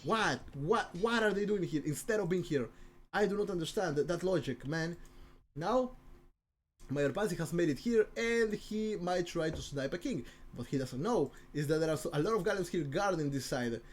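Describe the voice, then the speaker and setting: A man giving live commentary on a strategy game, excitable and rambling, often restarting and repeating himself. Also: on the high side, normal speed. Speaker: game caster.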